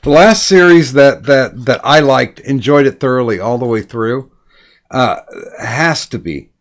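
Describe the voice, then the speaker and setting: A man's voice: mid-range voice, animated, measured pace. Hesitant man, stumbling over words. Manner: hesitant, repeats words as he talks. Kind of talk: casual chat.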